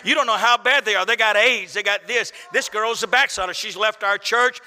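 A man's voice: sits high, a little fast, pushed and bright. A man preaching a sermon in a church, folksy and storytelling, building to impassioned peaks. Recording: echoey hall reverb.

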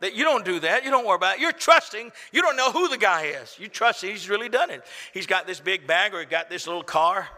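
Bright-voiced preacher in an echoey hall. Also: male voice, high-pitched, animated, fast talker, few pauses. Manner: folksy storytelling, building to impassioned peaks. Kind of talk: sermon. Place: church.

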